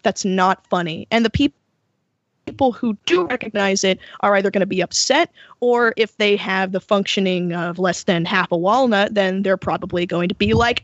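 A woman's voice: medium pitch, moderate pace, fairly bright tone, no room sound. Profane ranting woman podcast co-host. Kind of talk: casual podcast chat. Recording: dull lo-fi dry audio.

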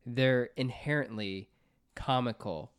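A man's voice: mid-range voice, slow pace, clean tone. A man co-hosting a movie podcast, chatting casually with lots of fillers and restarts. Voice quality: filler-heavy, rambling delivery. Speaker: podcast co-host. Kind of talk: casual chat.

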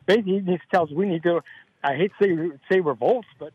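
Man, radio show caller, slightly high voice, dry sound, earnest, rambling. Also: quick pace, breathy edge, no room sound, narrow, tinny audio. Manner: rambling, earnest, run-on talk. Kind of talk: phone-in call to radio show.

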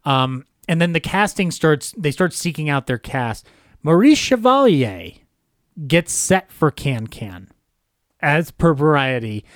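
A man's voice: on the high side, big pitch swings, slow, no echo. Chatty man with a dry close sound. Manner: jokey, laughs often, throws in silly impressions. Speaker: podcast co-host. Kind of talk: casual film-history chat.

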